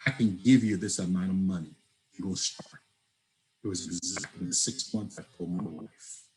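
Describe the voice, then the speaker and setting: A man's voice: deep voice, normal speed, rough recording. A man telling a personal story as an interview guest, acting out the lines of people in it. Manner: animated storyteller, acts out dialogue. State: breaks up at times on the line.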